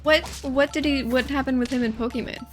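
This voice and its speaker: A woman's voice: sits high, fairly even intonation, faint music behind. A young woman streamer chatting casually while playing a game, thinking aloud and rambling between moves. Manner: chatty, thinks aloud, quick asides and self-talk. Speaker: gaming streamer. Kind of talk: casual gameplay commentary.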